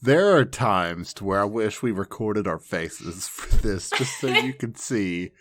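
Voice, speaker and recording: A man's voice: lowish voice, animated, measured pace, fairly bright tone, no echo. A man co-hosting an anime podcast, reacting in casual chat with laughter and teasing. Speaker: podcast co-host.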